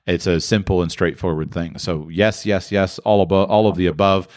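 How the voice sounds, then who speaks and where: Opinionated low-voiced male show host. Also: steady tone, moderate pace, darkish tone, no room sound, clean studio sound. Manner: opinionated, laughing asides, frequent restarts. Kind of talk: call-in Q&A answers.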